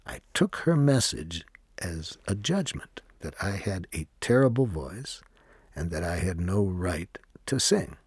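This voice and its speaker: A man who leads workshops, telling a personal story in a slow, reflective way and acting out the dialogue. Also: deep voice, very animated, darkish tone, slightly rough, dry recording. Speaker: workshop leader. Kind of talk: personal storytelling between songs.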